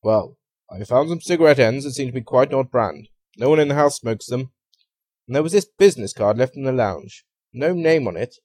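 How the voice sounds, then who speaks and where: A man's voice: mid-range voice, animated, brisk, darkish tone, slightly rough, no echo. A man doing a patient, sensible sidekick. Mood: matter-of-fact.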